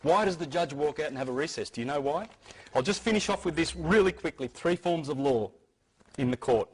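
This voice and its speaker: A man's voice: fairly high pitch, lively intonation, fairly quick, slightly rough, rough recording. A man giving an informal lecture to an audience, talking emphatically and insistently, often restarting and repeating words. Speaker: speaker giving a talk.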